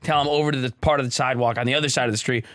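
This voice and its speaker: A man's voice: mid-range voice, fairly even intonation, racing, a bit bright, dry recording, clean studio sound. A young man hosting a casual podcast chat, telling a story in a laid-back, swearing way. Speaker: podcast host.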